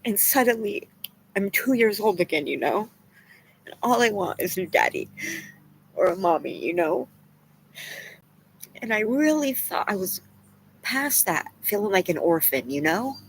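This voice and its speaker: A woman's voice: medium pitch, very animated, unhurried, long pauses, slight background noise, rough recording. A woman around forty-two, tearful and candid, rambling in a casual vlog with some swearing. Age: 40s. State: crying. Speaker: vlogger. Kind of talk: emotional casual vlog talk, reading chat.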